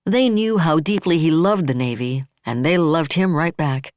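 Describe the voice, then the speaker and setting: Audiobook narrator reading steady and even, dead dry close mic. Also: mid-range voice, moderate pace, dry recording. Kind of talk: scripted narration.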